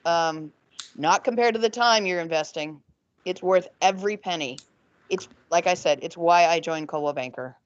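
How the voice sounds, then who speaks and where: A woman's voice: lowish voice, no echo. Froggy-voiced woman agent, emphatic and repetitive, dull dry call line. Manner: emphatic, repetitive, talks in rushes. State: slightly froggy voice. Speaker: real estate agent. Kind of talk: video call panel interview. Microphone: video call.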